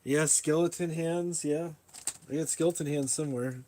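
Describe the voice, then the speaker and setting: A man talks loosely to his live stream viewers from his workshop, wandering from topic to topic. His voice sits a bit higher than most men's. He laughs at himself often. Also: steady tone, moderate pace, warm tone, slight background noise. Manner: rambling, self-mocking, laughs often. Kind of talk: casual live stream tour. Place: workshop in a shipping container.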